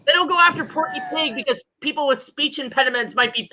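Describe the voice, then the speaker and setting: A woman's voice: high-pitched, fast talker, pushed and bright, low-quality recording. A woman hosting a stream, chatting casually, joking and rambling with a lot of swearing. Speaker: stream host. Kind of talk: casual chat.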